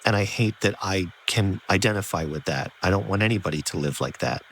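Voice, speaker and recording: A man's voice: deep voice, a little fast, fairly bright tone, slight background noise, low-quality recording. A man hosting a podcast, talking earnestly and searchingly with many fillers. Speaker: podcast host. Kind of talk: empathetic conversational interview.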